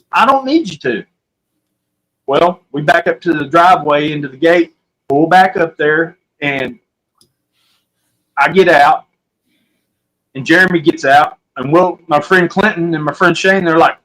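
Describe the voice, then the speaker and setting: A man's voice: fairly high pitch, fairly bright tone, poor audio. A man with an Oklahoman accent, telling a story as a podcast guest in a rambling, folksy way. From Southwest Oklahoma. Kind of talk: casual storytelling.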